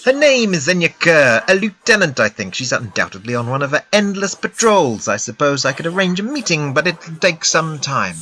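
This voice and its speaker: A man voicing a scheming male alien fixer from a space game, in a smooth, wheedling dealmaker tone. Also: a little high, very animated, normal speed, few pauses, sharp tone, exaggerated voice.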